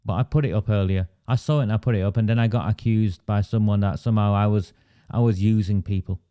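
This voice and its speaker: A man's voice: lowish voice, steady tone, quick pace, dark tone, smooth. Guy ranting on his livestream, fired up, answers chat comments as he goes. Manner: indignant, emphatic, reads viewer comments aloud. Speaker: livestream host.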